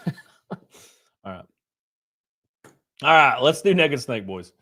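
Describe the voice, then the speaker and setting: Lively, crude-talking man streamer. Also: medium pitch, slow pace. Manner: crude, joking, thanks chat members by name. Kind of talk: casual livestream chat.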